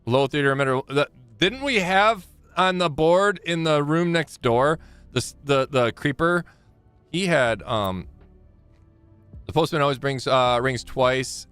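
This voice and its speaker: A man talks through a game on a live stream, stumbling as he reads in-game letters aloud. His voice is smooth and clear at a middling pitch, with faint music in the background. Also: lively intonation, a bit bright, dry recording. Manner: reads game letters aloud haltingly, with many fillers and restarts; chatty, talks to himself. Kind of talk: live gameplay commentary.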